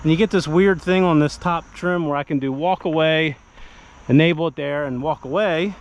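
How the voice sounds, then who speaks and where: A man's voice: on the high side, moderate pace. A man hosting a casual car review, talking conversationally as he walks around and sits in the vehicle. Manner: conversational, animated, acts out buyer dialogue.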